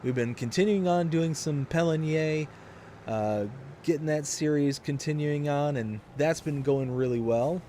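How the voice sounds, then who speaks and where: A young adult man chatting casually on a live game stream, rambling in a relaxed, fond way with lots of fillers. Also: fairly high pitch, measured pace, a little hiss or hum. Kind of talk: casual live-stream chat while playing.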